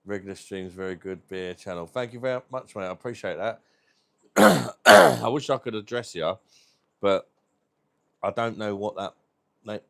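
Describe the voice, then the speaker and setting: A man's voice: sits low, fairly bright tone. A British man hosting a livestream, chatting casually and rambling, swearing freely. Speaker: livestream host.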